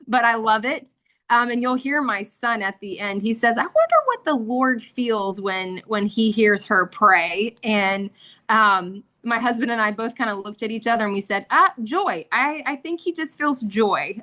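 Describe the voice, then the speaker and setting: A woman's voice: a little high, sharp tone. Earnest mother sharing a testimony. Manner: earnest, emotional, with frequent fillers. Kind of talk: heartfelt personal testimony.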